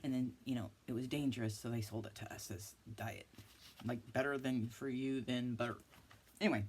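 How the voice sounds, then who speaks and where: Woman in her fifties, low voice, rambling haul chat, faint hum behind. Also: steady tone, moderate pace, darkish tone. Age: 50s. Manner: chatty, self-mocking, giggly asides. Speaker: craft vlogger.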